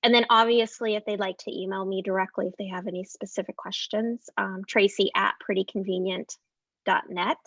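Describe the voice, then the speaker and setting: An upbeat woman speaks as an interview guest and fills her pauses with ums. Her mid-pitched voice comes through a dull, lo-fi recording. The sound is very dry, with no room around it. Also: fairly even intonation, a bit bright, no room sound. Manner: upbeat, many filler ums. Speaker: guest entrepreneur. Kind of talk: casual interview talk.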